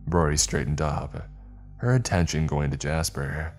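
A man narrates a horror story in a measured, ominous tone, his voice sitting extremely low. Faint background music plays underneath the reading. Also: darkish tone.

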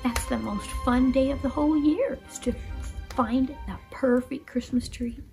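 A woman reading a children's story aloud in an expressive, exclamatory way. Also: high-pitched, unhurried, gravelly. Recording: guitar music behind.

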